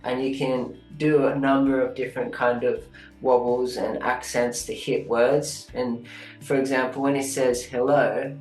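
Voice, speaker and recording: A man reviewing animation in a chatty, casual way, sometimes half-singing a line to show what he means. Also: mid-range voice. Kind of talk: casual teaching critique. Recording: echoey room with faint guitar music.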